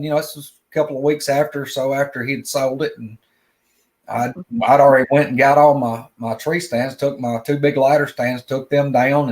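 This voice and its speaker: A man, telling a long personal story in plain, drawling talk, often repeating words as he goes. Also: mid-range voice. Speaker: guest storyteller. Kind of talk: casual spoken storytelling.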